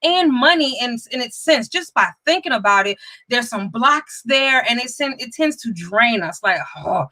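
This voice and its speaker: High bright-voiced energetic woman host. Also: moderate pace, rough recording. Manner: energetic, chatty, greets viewers by name. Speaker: host of a live money talk show. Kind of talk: live-stream show talk.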